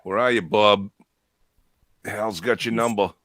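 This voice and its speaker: Deep-voiced man chatting casually. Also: steady tone, unhurried, fairly bright tone. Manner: rambling, laughs often, restarts. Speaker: podcast host. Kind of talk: casual bar-style chat.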